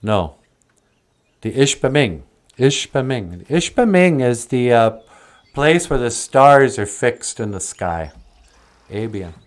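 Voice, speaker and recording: A man hosting and telling traditional stories in a slow, musing, casual way, laughing often. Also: medium pitch, very animated. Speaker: storyteller and host. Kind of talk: casual storytelling.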